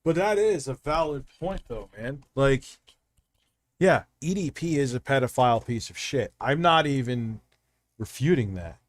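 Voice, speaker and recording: A man's voice: medium pitch, animated, measured pace, no room sound. A man hosting a live stream, chatting casually and rambling with heavy profanity as he talks straight to his chat.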